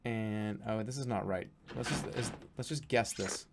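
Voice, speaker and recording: A man's voice: on the low side, normal speed, background noise. A young man giving casual, jokey commentary while playing a video game, easily exasperated. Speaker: streamer. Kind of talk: let's-play commentary.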